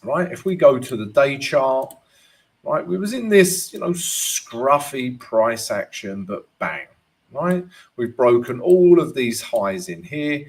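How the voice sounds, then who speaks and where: A man's voice: mid-range voice, very animated, slow. A man hosts a live chart-analysis stream in an easygoing, chatty way. His voice rises and falls a lot while he talks, and he takes his time. He keeps checking in with "right?" and greets viewers by name. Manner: peppers talk with "right?" and "you know". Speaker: forex trading analyst and host.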